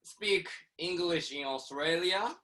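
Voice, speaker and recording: A man's voice: fairly high pitch, takes it slowly, bright, forceful tone. A Japanese man hosting a casual video call in English, his second language, hesitant and full of fillers. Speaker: channel host.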